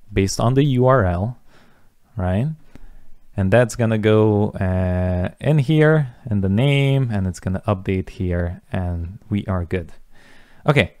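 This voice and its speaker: A young man teaching a coding lesson, talking through each step as he types, with relaxed asides. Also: lowish voice, no room sound, studio quality. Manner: talks through steps while typing, relaxed asides. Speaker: coding instructor. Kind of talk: casual screen-recorded coding tutorial.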